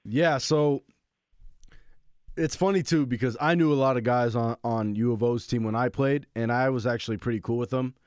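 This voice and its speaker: A man co-hosting a sports chat podcast, spinning an animated yarn about rivalry week. His voice sits at a middle pitch and sounds close and dry on the mic. He acts out his own lines as he goes. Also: moderate pace, clean tone, no echo. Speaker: podcast co-host, former college football player.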